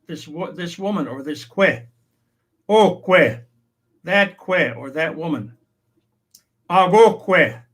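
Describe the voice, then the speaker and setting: Slow, deliberate male language teacher. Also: fairly high pitch, fairly bright tone. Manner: says each native word then its English meaning, with light humor. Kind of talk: slow explanatory language lesson.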